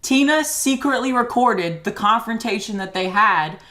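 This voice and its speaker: A woman's voice: fairly high pitch, expressive, normal speed, fairly bright tone. A woman explaining online drama in a matter-of-fact way in a clip. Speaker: commentator in a clip.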